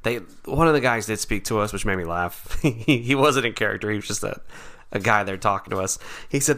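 A man co-hosting a casual chat, telling stories in an animated way and acting out the people in them. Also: mid-range voice, brisk. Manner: animated storyteller, acts out quoted people. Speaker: podcast co-host.

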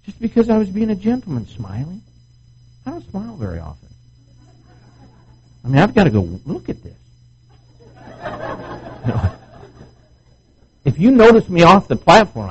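A man's voice: a little high, very animated, normal speed, pauses often, slightly rough, muffled recording. A middle-aged male pastor preaching a sermon at a marriage retreat, acting out quoted voices as he goes. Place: marriage retreat meeting room.

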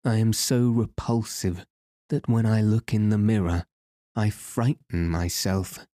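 A man reading the part of a despairing enchanted prisoner who wails in a hollow, sad voice. The voice sits low and slow, with a dark tone, as in a storybook read aloud. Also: fairly even intonation, no room sound, clean studio sound, natural voice. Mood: wailing.

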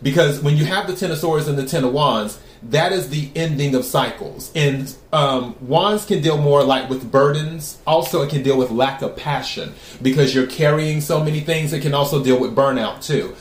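A man giving a tarot reading to his viewers. He talks in a calm, even way and asks the cards the same question again and again. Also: on the high side, moderate pace, hardly any pauses, echoey room. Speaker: tarot reader.

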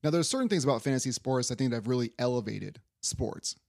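A man's voice: mid-range voice, animated, fast, vocal fry, a little mellow, no room sound, clean studio sound. A young man hosting a casual sports podcast, rambling loosely and swearing offhand. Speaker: podcast host.

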